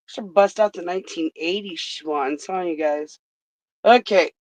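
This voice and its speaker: Slow-talking woman hosting a trivia stream. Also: on the low side, darkish tone, dry recording. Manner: reads questions slowly, swears freely. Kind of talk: casual trivia stream chat. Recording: dull lo-fi stream audio.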